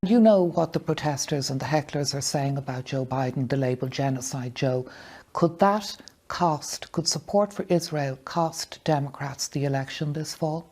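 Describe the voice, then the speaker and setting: A woman's voice: sits low, normal speed, mellow. A woman interviewer asking direct, pointed questions.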